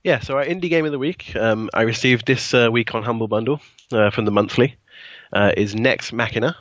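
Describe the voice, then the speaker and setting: A man's voice: mid-range voice, a little fast, a bit bright, dry recording, lo-fi sound. A man co-hosting a casual gaming podcast, talking loosely with lots of ums and likes. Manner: hesitant, many ums and likes. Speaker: podcast co-host. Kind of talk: casual chat.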